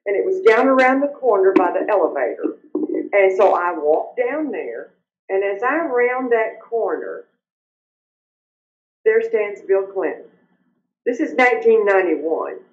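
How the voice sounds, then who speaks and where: A woman's voice: medium pitch, animated. Older woman, roomy muffled audio. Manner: earnest storyteller, halting when upset. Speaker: guest. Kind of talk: personal testimony in interview.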